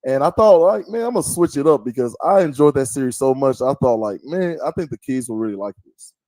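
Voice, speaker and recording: A man's voice: mid-range voice, expressive, a little fast, warm tone, dry recording. A middle-aged man from the who hosts a podcast in a casual chatty way, telling stories and mimicking voices. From American South. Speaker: podcast host. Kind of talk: casual chat. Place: small podcast studio.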